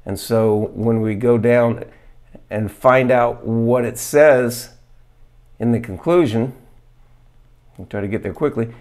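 A man's voice: mid-range voice, a little mellow. Earnest man demoing food on camera. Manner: earnest, plain-spoken, pauses with fillers; reads study excerpts aloud haltingly. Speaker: health vlogger. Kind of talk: casual demonstration to camera.

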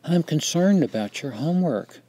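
A man voicing a gentle, concerned female teacher who speaks softly. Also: a little high, animated, normal speed, husky, voice pushed up. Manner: soft, careful.

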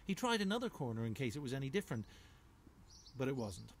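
A man's voice: medium pitch, fast, a little hiss or hum. Playful man reading a story aloud. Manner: lively, rhythmic, playful storytelling. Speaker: children's author. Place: home.

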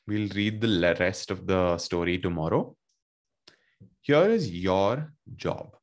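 A male teacher reads a story to children slowly and expressively and asks them questions. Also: lowish voice.

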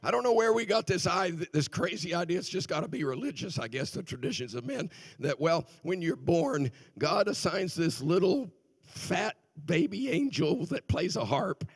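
An older male guest minister preaching a sermon in a church, swinging between loud exclamations and quiet asides. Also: sits high, sing-song, moderate pace, husky, no room sound. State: voice sounding off. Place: church sanctuary.

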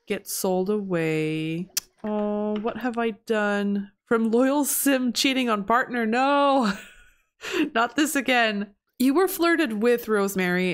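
A young woman giving casual, chatty commentary over gameplay and reacting loudly in disbelief at surprises. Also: medium pitch. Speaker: gameplay video host.

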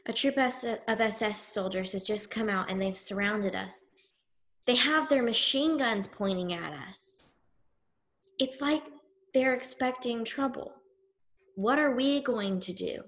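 Woman storyteller, measured first-person telling, very unhurried, solemn emphasis. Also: on the high side, a bit bright. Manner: slow, grave, emphatic with pauses. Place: synagogue event.

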